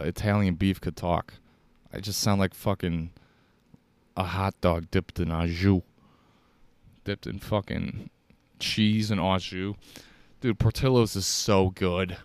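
A young man with a deep voice and a Chicago accent, hosting a solo podcast and rambling casually with lots of swearing. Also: steady tone, unhurried, long pauses, clean tone, dry recording. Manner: profane, rambling, jokey. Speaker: podcast host.

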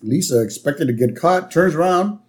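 A man co-hosting a casual podcast, retelling a cartoon episode scene by scene. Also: moderate pace. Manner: narrates scenes step by step, with lively pitch. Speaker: podcast co-host. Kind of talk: casual episode recap chat.

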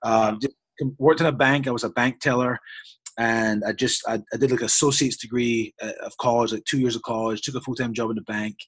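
A man at a mid pitch, his voice slightly husky, tells his story as an interview guest. He speaks earnestly and at length, often restarting his sentences as he goes. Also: fairly even intonation, brisk, no room sound. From Scotland. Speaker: basketball coach, interview guest. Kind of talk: long personal storytelling in an interview.

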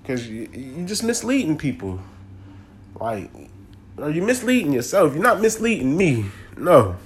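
A man's voice: on the high side, big pitch swings, measured pace, a little hiss or hum. A man, ranting casually and animatedly about a sports game in slangy talk. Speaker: sports commentator.

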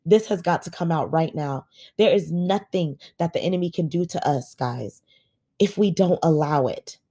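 A woman's voice: sits low, normal speed, mellow, breathy edge. Earnest woman preaching from her bed. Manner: earnest, preachy, addresses listeners as guys. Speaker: podcast host. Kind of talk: emotional faith encouragement. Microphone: home podcast setup.

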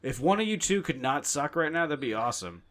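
A young man chatting casually as a podcast host, animated and profane, ranting at a quick clip. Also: fairly high pitch, a little hiss or hum. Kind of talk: casual chat.

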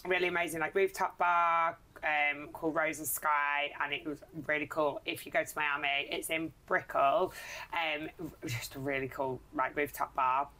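A woman's voice: low-pitched, little pitch movement, moderate pace, sharp tone. A woman from England co-hosting a podcast, chatting casually in a teasing way and swearing now and then. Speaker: podcast co-host. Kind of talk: casual chat.

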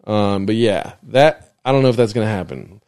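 A man's voice: on the low side, normal speed, a little mellow, clean tone, no room sound, clean studio sound. A young man hosting a casual solo podcast from a desk in his living room, rambling, joking and swearing, and slipping into mock voices. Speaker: podcast host.

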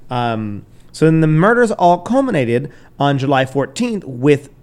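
A man's voice: on the high side, big pitch swings, a little slow, a little mellow. A man hosting a podcast, telling a crime story in loose, casual chat, swearing, laughing and tripping over names. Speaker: podcast host.

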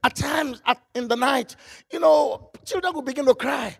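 A man preaching a fervent sermon, quoting scripture in old-style phrasing and breaking into shouts. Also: extremely high pitch, moderate pace, gravelly.

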